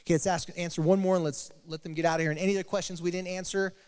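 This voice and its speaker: A man, a therapist and podcast host, telling a story to a live audience in an animated way, acting out the voices of the people he quotes. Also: high-pitched, very fast, smooth. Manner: animated, acts out quoted voices with big swings. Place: live event hall. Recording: long hall reverb.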